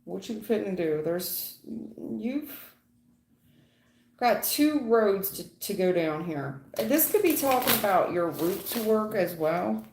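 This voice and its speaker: A woman with a gravelly edge gives a live-stream tarot reading in a chatty, folksy way. She calls her viewers honey and baby, and her voice rings in an echoey room. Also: mid-range voice, sing-song, takes it slowly, noisy background. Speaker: tarot reader.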